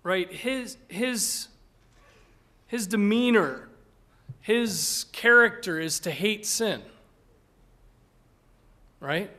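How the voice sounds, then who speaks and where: A male pastor delivering an expository sermon at an unhurried, deliberate pace. His voice sits a little high for a man. He presses his points with emphasis and keeps asking "right?" to draw listeners along. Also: expressive, pushed and bright. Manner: earnest and emphatic, often tags "right?", repeats words.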